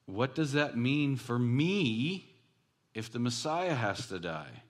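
A man voicing an indignant adult male apostle who protests in rapid, exasperated objections. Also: mid-range voice, animated. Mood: pleading.

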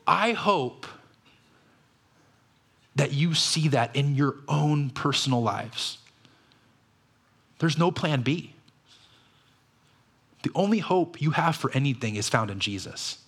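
A male pastor preaches a sermon to his church in a fairly high, creaky, slightly rough voice. He speaks slowly, pausing often, yet stays lively and conversational. He keeps asking his listeners rhetorical questions.

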